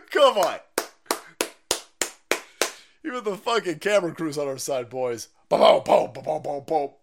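A man hosting a livestream, giving loud, crude, cackling commentary on video clips. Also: fairly high pitch, animated, a little slow, vocal fry, pauses often, background noise. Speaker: livestream host.

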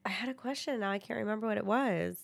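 A woman's voice: medium pitch, fast, vocal fry. A woman co-hosting a family podcast, asking her mother questions and answering with short affirmations. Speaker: podcast co-host, daughter. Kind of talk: casual family chat.

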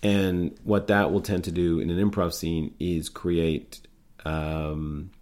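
Low-voiced man teaching improv casually. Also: little pitch movement, takes it slowly, darkish tone. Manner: rambling, conversational, with many fillers and restarts. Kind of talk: informal spoken lesson.

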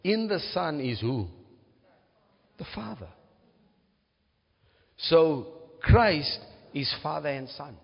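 A man's voice: fairly high pitch, sing-song, slow pace, gravelly, long pauses, breathy edge. A man preaching a teaching sermon, often checking in with his listeners. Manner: teaching, asks "right?" to check understanding. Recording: muffled, reverberant hall.

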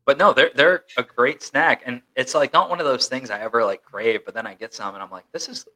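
A man's voice: medium pitch, a little fast, sharp tone. A young man co-hosting a podcast in a rambling, chatty way, full of fillers. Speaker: podcast co-host. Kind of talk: casual chat.

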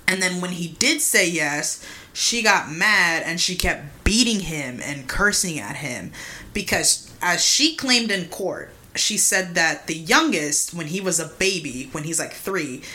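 Young woman podcast host, low-ish bright voice, cussing and saying like a lot while telling a crime story. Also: expressive, unhurried. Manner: loose and profane, full of "like" and "mind you". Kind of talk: casual true-crime storytelling chat.

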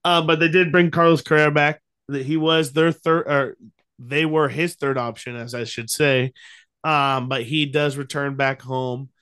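A man's voice: a little high, fairly even intonation, unhurried, a bit bright, smooth. Easygoing young man talking sports. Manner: easygoing, frequent ums and restarts. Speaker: podcast co-host. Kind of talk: casual sports chat.

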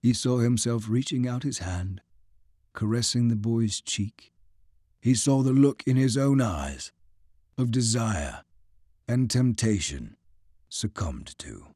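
A male audiobook narrator reads with dramatic, lively swings of pitch. His voice is slightly husky, recorded close and dry. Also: no echo. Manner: dramatic, expressive reading. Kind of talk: scripted narration.

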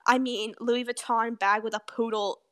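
Animated teenage girl telling a story. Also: fairly high pitch, normal speed. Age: teens. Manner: animated, laughs often, swears freely. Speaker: podcast co-host. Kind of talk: casual storytelling chat.

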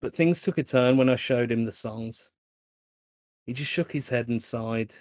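A man's voice: medium pitch, a little slow, a little mellow, no echo, studio quality. A man co-hosting a casual podcast, rambling and swearing freely as he tells a joke story. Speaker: podcast co-host.

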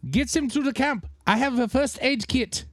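A man's voice: extremely high pitch, normal speed, no room sound. A man voicing a pompous adventurer who leads the group in stiff, formal speech. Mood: commanding.

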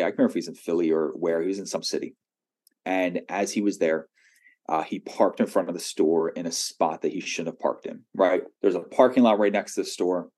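A man's voice: low-pitched, darkish tone. A male pastor giving a conversational sermon, often checking in with the congregation and acting out the people in his stories. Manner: conversational preaching with frequent "right?" asides; acts out quoted voices in his stories.

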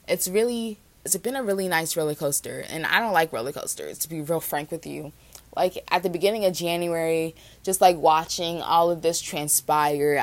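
A woman's voice: deep voice, a bit bright, dry recording. A young woman in her twenties hosting a casual solo podcast, bubbly and rambling, peppering her talk with "like". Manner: bubbly, rambling, heavy use of "like". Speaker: podcast host.

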